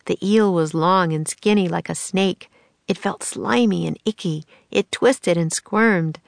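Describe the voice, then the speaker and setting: A woman narrating a children's storybook aloud in a measured, expressive way. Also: on the low side, creaky, dry recording, studio quality. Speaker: audiobook narrator.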